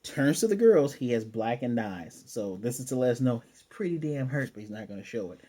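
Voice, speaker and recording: Male anime reviewer, mellow husky tone, energetic slangy recaps. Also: medium pitch, fairly quick. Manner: excitable, slangy, swears, acts out scenes. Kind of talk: casual episode review.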